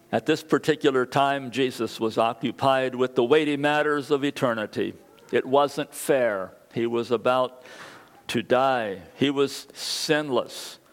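A man preaching a sermon, telling a personal story earnestly and building excitement at key moments. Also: medium pitch.

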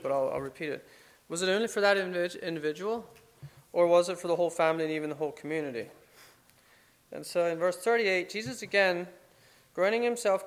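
A man giving an informal Bible study, talking things over conversationally with fillers and restarts. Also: on the high side. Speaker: Bible teacher.

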